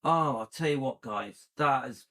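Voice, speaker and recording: A man's voice: medium pitch, unhurried, a bit bright. A man hosting a commentary channel, reacting indignantly and firing repeated rhetorical questions.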